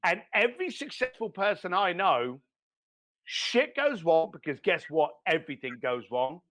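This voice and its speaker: A man giving blunt, animated business advice as a podcast guest, swearing now and then. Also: high-pitched, moderate pace. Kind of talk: motivational business talk.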